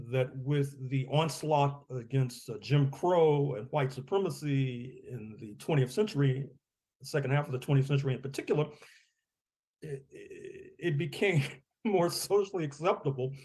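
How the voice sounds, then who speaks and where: A man's voice: medium pitch, mellow. A man speaking as an author and guest on a podcast interview, discursive, often repeating his words and giving wry chuckles.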